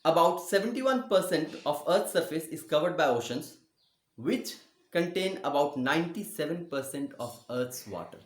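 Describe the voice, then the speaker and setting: A male school teacher giving a geography lesson, speaking slowly, repeating words and spelling them out letter by letter, with frequent checks of "okay?". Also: on the high side, expressive. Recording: echoey room.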